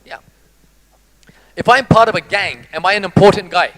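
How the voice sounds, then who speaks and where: A man giving a lively, jokey motivational talk to a live audience. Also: high voice, normal speed, low-quality recording. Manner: animated, jokey, teases the audience. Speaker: motivational speaker.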